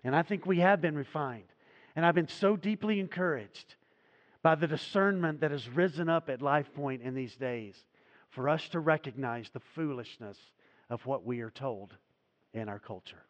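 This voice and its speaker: A man preaching a sermon as pastor in a church, his voice swelling loud and dropping low as he drives his points home. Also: moderate pace, in a large hall, dull audio. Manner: preaching with dramatic swells and drops in volume. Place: church sanctuary.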